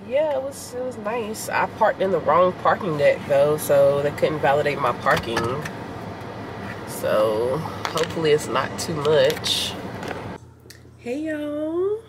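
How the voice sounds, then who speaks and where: A woman's voice: low voice, big pitch swings, slow pace, background noise. A woman vlogger chatting candidly and rambling straight to her viewers from inside a car. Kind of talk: casual self-filmed vlog chat.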